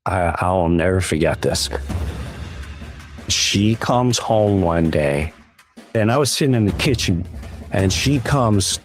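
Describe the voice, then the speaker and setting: Slow-talking man telling a story. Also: fairly low pitch, a little hiss or hum. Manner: unhurried, animated, acts out quotes. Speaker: storyteller at an open mic. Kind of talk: personal storytelling.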